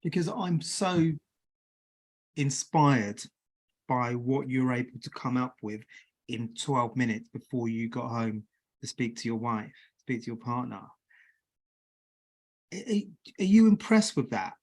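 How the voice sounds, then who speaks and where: A man's voice: mid-range voice, measured pace, long pauses. Male podcast host asking long questions. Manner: encouraging, asks long questions. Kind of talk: interview.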